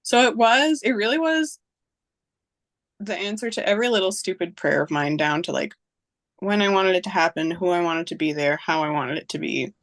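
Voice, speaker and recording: A woman telling her story in a low, dry voice. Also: lively intonation, normal speed, a bit bright, no room sound. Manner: storytelling, reenacting dialogue, many fillers. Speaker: guest sharing her birth story. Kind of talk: casual podcast interview.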